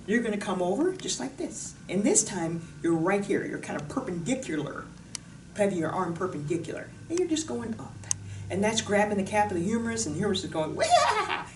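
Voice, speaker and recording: A woman's voice: mid-range voice, a little mellow, far from the mic. A woman fitness instructor talking casually through an exercise demonstration, bubbly and jokey. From Pacific Northwest of the US. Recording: roomy echo, voice from off the mic, faint noise.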